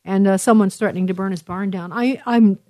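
A woman's voice: medium pitch, brisk, warm tone, no echo. A middle-aged woman hosting a talk radio show, reading listener messages in an earnest, emotional way with many fillers and restarts.

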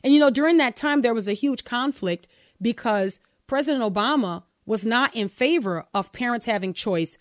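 A woman co-hosting a talk radio show tells a story with animated, emphatic delivery. Her voice sits a touch high. The studio sound is dry, with no room echo. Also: moderate pace. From United States. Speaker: radio co-host.

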